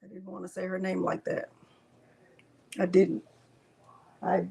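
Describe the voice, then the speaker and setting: Slow-talking woman livestream host. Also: fairly low pitch, completely flat delivery, gravelly, darkish tone, a little hiss or hum. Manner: repetitive, emphatic, talks to viewers. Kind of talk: casual livestream chat.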